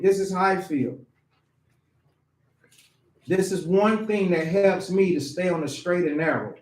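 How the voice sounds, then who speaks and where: A man preaching an informal sermon, asking his listeners questions, repeating key phrases and laughing often. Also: high voice. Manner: animated, asks the congregation questions, laughs often. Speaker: preacher teaching scripture. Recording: echoey room.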